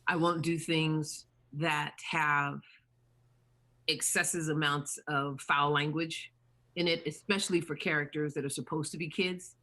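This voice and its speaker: A woman voice actor chatting as an interview guest, animated, who slips into character voices as she talks. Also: sits low, measured pace. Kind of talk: interview chat.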